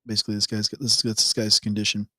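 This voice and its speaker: A man co-hosting a devotional show, reading a Bible passage and joking around in a relaxed, casual chat. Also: lowish voice, fast talker, no room sound, studio quality. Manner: laid-back, jokey, laughs often.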